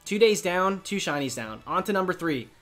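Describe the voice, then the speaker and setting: A man doing excited gaming commentary as a YouTuber, chatty and excitable, cooing at the creatures on screen. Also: sits high, normal speed, faint music behind.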